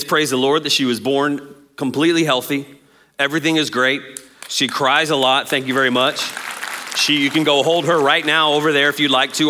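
Animated, jokey male pastor. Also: a little high. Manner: animated, jokey, acts out quotes. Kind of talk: sermon.

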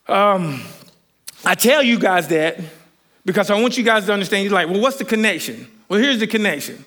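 A man preaching a sermon, telling a story in an animated, rambling way with many restarts. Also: high-pitched, brisk.

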